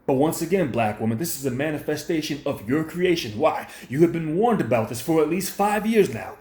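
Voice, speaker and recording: Man vlogger, raised-pitch confrontational rant, echoey room sound. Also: expressive, brisk, a little mellow. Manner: confrontational, preachy, repetitive. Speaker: commentary vlogger. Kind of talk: ranting monologue commentary.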